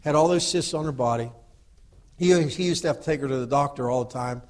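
A middle-aged man preaching a sermon, dropping to low asides and then rising into loud exhortation, often asking the audience for agreement. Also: fast talker.

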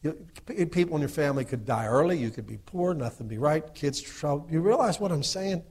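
A middle-aged man preaching a sermon, dropping to low asides and then rising into loud exhortation, often asking the audience for agreement. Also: lively intonation, brisk, slightly rough.

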